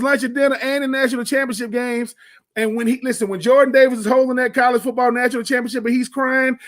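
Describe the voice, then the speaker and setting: On sports radio, a man with a strikingly high, slightly bright voice holds court like a former player. He's emphatic and folksy, driving points home with repeated phrases and quick restarts.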